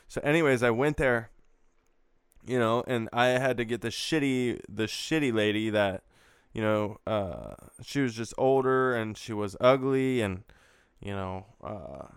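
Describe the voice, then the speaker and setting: A young man hosts a crude morning beer-review vlog, rambling, swearing, and using lots of fillers. His medium-pitched voice is fairly bright, clear, and resonant, captured in clean studio sound with no echo.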